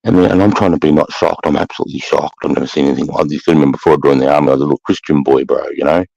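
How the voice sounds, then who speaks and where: A middle-aged Australian man with a very deep, gravelly voice tells stories bluntly and profanely. His tone is husky. The recording is dry and sounds dull and lo-fi. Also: fairly even intonation, racing, darkish tone, no room sound. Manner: blunt, profane, swaggering storyteller. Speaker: podcast co-host, former army sergeant. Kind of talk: casual chat, storytelling.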